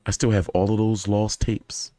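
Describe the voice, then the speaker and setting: A man hosting a casual fan chat, telling stories in an animated, profane way with many fillers. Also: fairly low pitch, normal speed, dry recording. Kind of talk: casual storytelling to a live chat.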